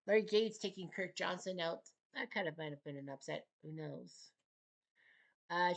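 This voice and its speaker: A man's voice: sits high, a bit bright. A man casually recapping a boxing tournament's results as host, with offhand asides between bouts.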